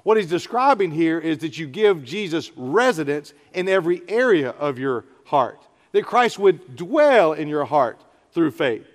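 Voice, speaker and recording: A man's voice: a little high, sing-song, a little slow, hardly any pauses. A middle-aged man, preaching an earnest, conversational sermon. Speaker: pastor. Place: church sanctuary. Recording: church hall reverb.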